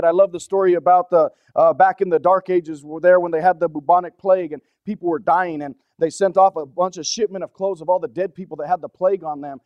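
A man preaching a sermon in an earnest, conversational way, often asking the congregation questions and shifting between soft, low-key passages and urgent emphasis. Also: dry recording, lo-fi sound. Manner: drops to a soft, low-key delivery for stretches, then rises with urgency.

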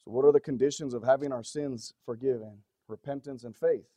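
A man preaching a sermon in an earnest, conversational way, often asking the congregation questions and shifting between soft, low-key passages and urgent emphasis. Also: steady tone, a little fast, no room sound, clean studio sound. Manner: drops to a soft, low-key delivery for stretches, then rises with urgency.

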